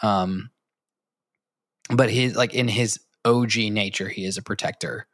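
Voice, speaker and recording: A man's voice: fairly low pitch, steady tone, measured pace, fairly bright tone, dry recording, studio quality. A man co-hosting a podcast, chatting casually and enthusiastically about a cartoon, full of fillers and restarts. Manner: rambling, enthusiastic, lots of fillers. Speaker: podcast co-host.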